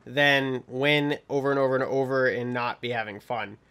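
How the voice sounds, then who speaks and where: A man's voice: medium pitch, moderate pace, fairly bright tone, clear, resonant tone. A man hosting a casual podcast chat about a card game, rambling along with lots of ums. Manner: rambling, many ums, laughs while telling stories. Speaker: podcast host.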